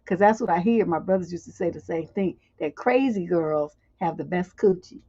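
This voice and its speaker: Hosting a livestream relationship advice show, a woman gives blunt, profane advice mixed with chatty, laughing asides. Her voice is on the low side, warm and husky, at a moderate pace. The stream audio is dull and lo-fi.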